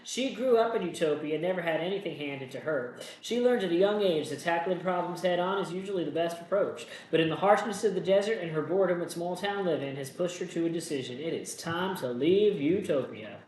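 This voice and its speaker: A man hosting a solo board game playthrough, reading the story text aloud and then thinking out loud about his moves in a casual, self-deprecating way. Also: fairly high pitch, animated, brisk, few pauses, roomy sound, poor audio.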